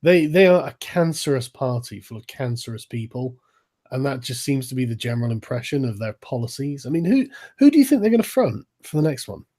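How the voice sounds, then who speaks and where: A man's voice: mid-range voice, big pitch swings, fairly quick, warm tone. A man who is a guest in a casual online political chat, agreeing bluntly and swearing freely. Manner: blunt, profane agreement, laughs.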